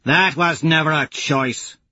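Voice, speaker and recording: A male audiobook narrator voicing a fierce woman warrior who shouts taunting challenges. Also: on the high side, slow, no room sound, highs cut off, pitched above the performer's own voice, exaggerated voice. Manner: loud, challenging calls.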